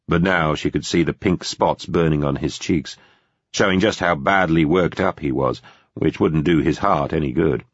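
A man reading a novel aloud in steady scripted narration. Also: extremely low pitch, normal speed, slightly rough, dry recording, muffled recording. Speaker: audiobook narrator.

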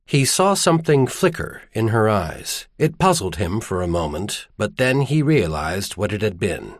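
This audiobook narrator is a man whose voice sits on the lower side. His storytelling is measured yet expressive, and the studio sound is clean with no room tone.

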